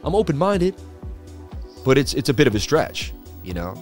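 A man's voice: medium pitch, very animated, moderate pace, soft background music. A man hosting a crypto market livestream, chatting casually and reading viewer comments aloud.

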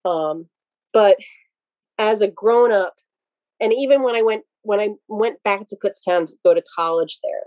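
A woman's voice: mid-range voice, unhurried, a little mellow, no room sound, lo-fi sound. A woman from Pennsylvania, a podcast guest, telling casual stories in a rambling, digressive way with many restarts. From Pennsylvania, USA. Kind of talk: casual interview storytelling.

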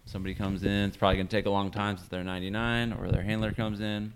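A man's voice: fairly low pitch, flat delivery, racing, smooth. A man co-hosting a podcast, delivering a long, earnest, rambling mock-heartfelt speech. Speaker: podcast co-host. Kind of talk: casual chat.

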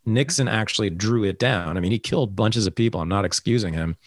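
A man hosting a casual political talk show, ranting in an animated, sarcastic way. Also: lowish voice, fast, dry recording, clean studio sound.

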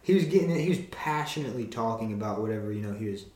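A young man co-hosting a podcast, telling stories in a playful, animated way. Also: on the low side, rapid-fire. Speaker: podcast co-host. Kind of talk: casual chat. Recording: roomy echo.

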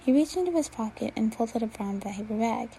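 A woman reading fan fiction aloud at an unhurried pace, dropping to a whisper now and then. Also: fairly high pitch, expressive, gravelly, dark tone, slight background noise, low-quality recording. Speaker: reader.

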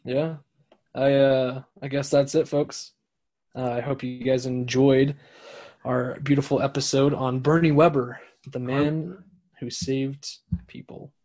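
A man signs off a casual podcast episode. His voice is slightly breathy, and his delivery stays dry and unhurried. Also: medium pitch, little pitch movement, a little mellow. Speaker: podcast co-host.

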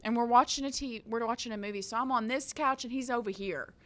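A woman, co-hosting a podcast and telling stories in a casual, animated way, laughing and building to loud peaks. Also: on the high side, fast talker. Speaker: podcast co-host. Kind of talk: casual storytelling chat.

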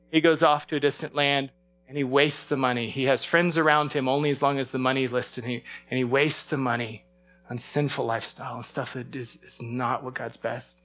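A man's voice: mid-range voice, level tone, moderate pace, a bit bright, faint music behind. A man preaching a sermon in a conversational way, often asking his listeners questions. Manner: conversational, asks the audience questions.

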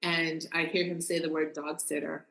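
A woman's voice: deep voice, flat delivery, moderate pace, vocal fry, fairly bright tone, low-quality recording. A woman telling a personal story aloud, earnest, with many restarts.

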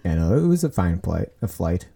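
Give me a playful man co-hosting a podcast, with a lively, mellow low voice. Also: gravelly. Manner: playful, jokey, quick to laugh. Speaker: podcast co-host. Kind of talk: casual chat.

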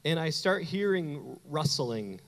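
A man from Canada preaching a sermon, telling a personal story with animated delivery and acted-out quotes. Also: a little high, slow, long reverb tail. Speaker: pastor.

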